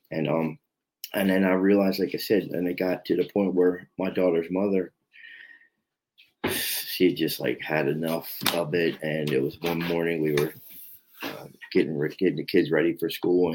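A man in his fifties from South Jersey, a podcast guest telling his recovery story in a halting way, with many fillers and restarts. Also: low-pitched, darkish tone, a little hiss or hum, low-quality recording. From South Jersey, USA. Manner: halting, repetitive, many "you know" fillers. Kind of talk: confessional personal storytelling.

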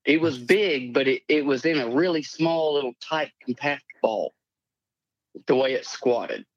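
A man's voice: mid-range voice, unhurried, no echo. A man in his late twenties calling in to tell a rambling, plainspoken story of a strange encounter. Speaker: caller. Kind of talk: telling a personal encounter story. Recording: dull, lo-fi call audio.

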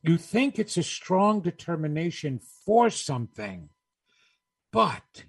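Slow, emphatic man giving a motivational talk. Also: sits high, sing-song, husky. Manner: emphatic, rhetorical, repeats key phrases. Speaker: speaker on New Year's resolutions.

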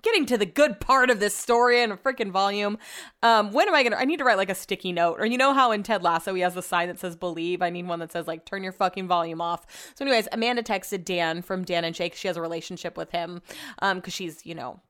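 Woman, podcast host, smooth tone, chatty, swears freely, casual storytelling. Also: mid-range voice, fast. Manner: chatty, profane, animated retelling.

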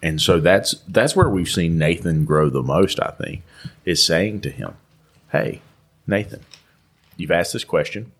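A man's voice: low-pitched, a little slow, husky. A man with a Southern twang, co-hosting a live podcast at a trade conference, telling stories and acting out the people in them. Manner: animated storyteller acting out quoted voices. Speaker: podcast co-host and shop owner. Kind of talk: casual live podcast chat.

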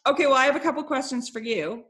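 Woman podcast host, higher register, upbeat and chatty. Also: fairly bright tone. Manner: upbeat, chatty, quick to laugh. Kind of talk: casual podcast chat.

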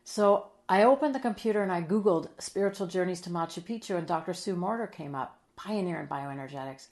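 A woman's voice: on the low side, a little fast. Earnest middle-aged woman telling a personal story. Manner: earnest and emotional, drops soft and quiet, then lively when quoting. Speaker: guest. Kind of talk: conversational interview storytelling.

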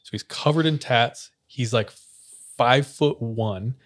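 A man's voice: mid-range voice, a little slow. Young male podcast host, casual storyteller, chatty with fillers, laughs often.

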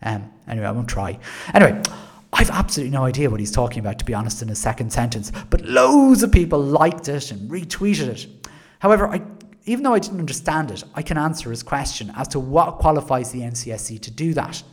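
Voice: mid-range voice, expressive, quick pace. An Irish education podcaster talking in a monologue, sarcastic with wry asides.

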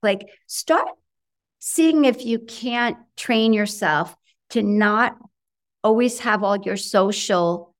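Chatty, animated woman interview guest. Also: medium pitch, slow. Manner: animated, chatty, many fillers and quoted self-talk. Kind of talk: conversational interview.

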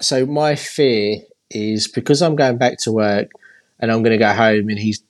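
A man's voice: on the low side, fairly even intonation, moderate pace. A young man co-hosting a casual podcast chat as an expectant father, rambling and laughing at himself.

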